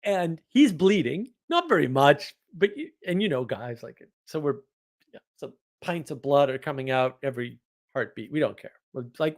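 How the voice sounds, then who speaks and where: A man casually telling a story from his week, animated, laughing often and restarting his sentences. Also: fairly high pitch, normal speed. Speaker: podcast host.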